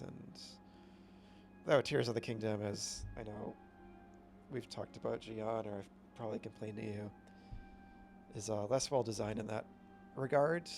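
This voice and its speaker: A man's voice: mid-range voice, creaky, a little mellow. A man streaming a video game, chatting casually with rambling, upbeat commentary. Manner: rambling, self-correcting, upbeat.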